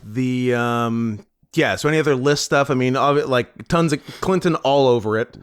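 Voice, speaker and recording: A man co-hosts a loose comedy podcast in a voice of middling pitch. He jokes and laughs easily, and drifts into drawn-out ums when he stalls for a punchline. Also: clear, resonant tone. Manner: joking, laughs often, trails off with ums. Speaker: podcast co-host. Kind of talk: casual comedy podcast banter.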